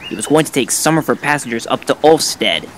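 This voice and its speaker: A man narrating a children's storybook in an even storytelling manner. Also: medium pitch, a little fast, background noise. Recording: narration with music bed.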